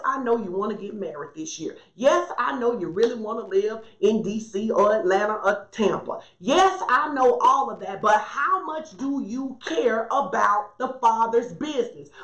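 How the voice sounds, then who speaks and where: A woman preacher with a high voice delivers an emphatic sermon and hammers her points home by repeating them. The sound is roomy, with a noticeable echo. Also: a bit bright. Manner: emphatic, repeats key phrases for stress.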